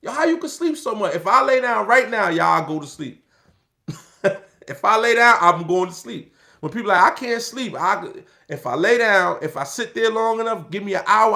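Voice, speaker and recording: A man's voice: high-pitched, creaky, bright, forceful tone. A middle-aged man telling stories in casual street slang, acting out the voices of people he quotes. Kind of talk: casual storytelling talk.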